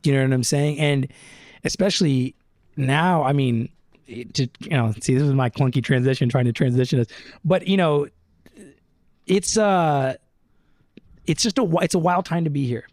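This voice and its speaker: A man's voice: mid-range voice, moderate pace, long pauses, darkish tone, no room sound, studio quality. A man hosting a podcast from a living room, talking in a loose, joking, profane way. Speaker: podcast host. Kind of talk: casual chat.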